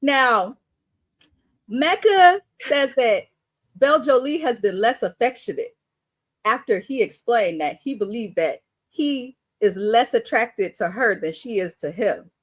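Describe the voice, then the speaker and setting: A woman's voice: on the high side, animated, measured pace, no echo. A woman hosting a casual live stream, talking bluntly and animatedly with frequent cursing and laughter. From Bay Area. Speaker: live show host.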